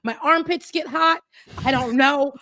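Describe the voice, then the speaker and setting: Exasperated high-voiced woman. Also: measured pace, bright, forceful tone, no echo, clean studio sound. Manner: exasperated, emphatic, acts out quotes. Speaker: guest commentator. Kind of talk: casual political chat.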